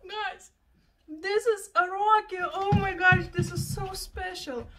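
A young woman vlogger chatting casually while unboxing gifts, excitable and full of gasping exclamations. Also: extremely high pitch, slow, a little hiss or hum. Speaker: plant and lifestyle vlogger.

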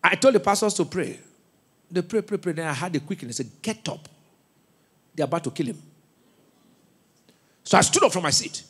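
A man with a Nigerian accent preaching a sermon in a church, with call-and-response questions, shouted bursts and laughing asides. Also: high-pitched, expressive, moderate pace, pauses often, husky. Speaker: pastor.

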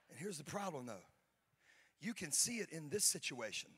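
A man preaching a sermon as pastor to his congregation, moving from quiet talk to loud, building preaching. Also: on the high side, very animated, moderate pace, slightly rough. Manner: talks with members of the audience on stage. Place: church stage before a congregation.

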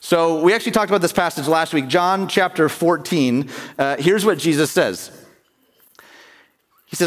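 A male pastor preaches in a relaxed, conversational way, often turning to the congregation with questions. His voice sits fairly high and swings up and down with expression. It rings out with the long reverb of a church sanctuary. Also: normal speed. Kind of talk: sermon.

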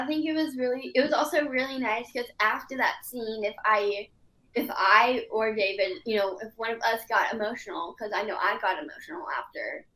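A woman's voice: medium pitch, sharp tone, roomy sound, rough recording. A woman, an actress, thanking her castmates in a casual virtual chat.

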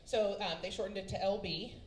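A woman's voice: mid-range voice, steady tone, a little fast, slight background noise. A woman from Kansas in her forties doing a stand-up comedy set, brassy and teasing, calling the crowd baby and honey. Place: comedy club stage with a laughing audience. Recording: echoey live room with loud crowd laughter.

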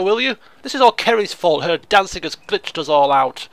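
A man giving excitable, theatrical gameplay commentary, exclaiming and chatting to his game characters. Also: high voice, normal speed, vocal fry, few pauses, dry recording. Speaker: let's play host.

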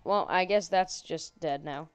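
A woman's voice: lowish voice, unhurried, smooth, no room sound, faint music behind. A woman playing a horror game and commenting on it, sarcastic and jokey, chatting to the characters on screen. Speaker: gaming channel host.

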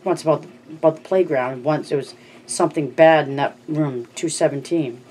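An audiobook narrator voicing a frightened small boy who blurts out his story in halting bursts. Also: medium pitch, darkish tone, slight background noise, close to an everyday voice. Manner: blurting, halting, stumbling over words.

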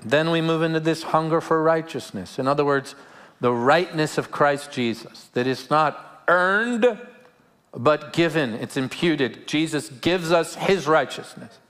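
A pastor with a fairly high, fairly bright voice preaches a live sermon before a church congregation, speaking a little slowly and slightly raised. He's earnest and searching, often repeating a word before landing his point, with light humorous asides.

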